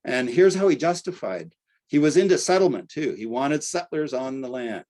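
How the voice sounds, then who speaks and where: An older man giving a relaxed academic lecture at a middle pitch. He keeps it conversational, with ums and uhs and a habit of ending points with a quick "right?". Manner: conversational, tags points with "right?", frequent fillers. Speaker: archaeology lecturer.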